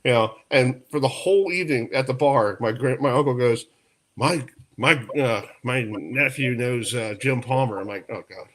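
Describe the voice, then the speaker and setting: A man from New York hosting a sports talk radio show, telling stories in a lively, laughing way. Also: mid-range voice, normal speed, a little hiss or hum. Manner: storytelling, animated, laughs often. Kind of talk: casual radio chat.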